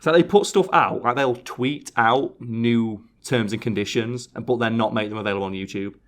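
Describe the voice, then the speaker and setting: A man's voice: mid-range voice, moderate pace, fairly bright tone. Sarcastic man chatting on a podcast. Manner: sarcastic, reading survey answers aloud. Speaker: podcast host. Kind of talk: casual podcast chat.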